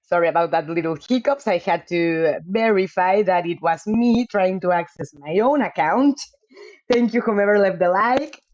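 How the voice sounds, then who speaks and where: Woman host of a live game stream, chatty and giggly, mid-pitched, dull lo-fi mic. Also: normal speed, a little mellow. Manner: chatty, apologetic, laughs often. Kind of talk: casual live-stream chat.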